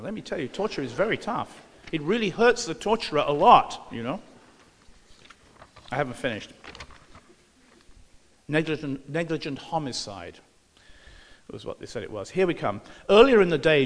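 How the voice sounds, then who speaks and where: A man's voice: a little high, long reverb tail. A man giving a lecture, reading newspaper passages aloud and breaking in with dry, sarcastic asides.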